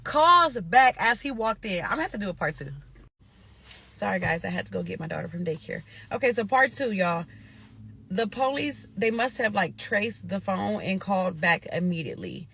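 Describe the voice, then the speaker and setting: A young woman from Nebraska telling a story to her viewers in a casual, animated, profane way. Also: medium pitch, normal speed, creaky, slight background noise. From Omaha, Nebraska.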